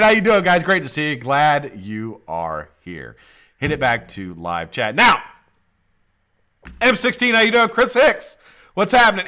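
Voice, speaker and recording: A middle-aged man hosting a casual live stream, greeting chat viewers by name, laughing often and swearing casually. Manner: laughs often, drops low and quiet when explaining.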